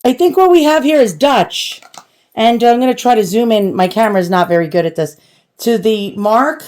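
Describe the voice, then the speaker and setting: A woman's voice: on the high side, expressive, moderate pace, a little mellow. A woman with a New York accent hosting a casual show-and-tell vlog, chatty and self-deprecating, addressing her viewers directly. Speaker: antiques collector and channel host.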